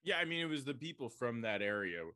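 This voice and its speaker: Bright-voiced young man quizzing his co-host. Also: medium pitch, expressive, quick pace, no room sound. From American Midwest. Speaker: podcast co-host. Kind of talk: casual chat.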